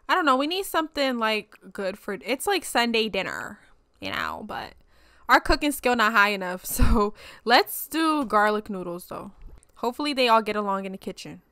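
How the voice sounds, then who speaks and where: Animated young woman, high lively voice. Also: clear, resonant tone, no room sound, studio quality. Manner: chatty, animated, playful slang, frequent laughs. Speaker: gaming channel host. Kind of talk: casual let's play commentary.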